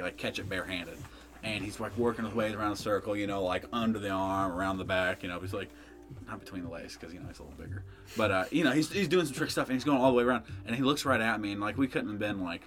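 A man's voice: on the low side, a bit bright. A young man hosting a podcast, telling a rambling, profane story in casual chat, full of fillers. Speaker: podcast host.

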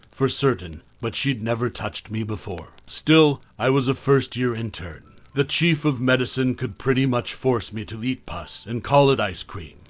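A man reading a scripted horror story aloud as the host, in a measured, calm storytelling manner. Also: mid-range voice.

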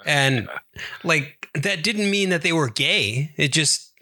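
Bright-toned laid-back guy from Massachusetts. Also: on the high side, takes it slowly. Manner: relaxed, profane, laid-back. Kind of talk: casual chat.

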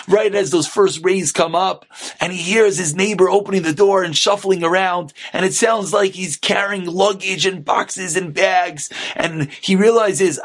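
High, gravelly rabbi telling a story. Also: male voice. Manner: animated, acting out voices. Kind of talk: storytelling sermon.

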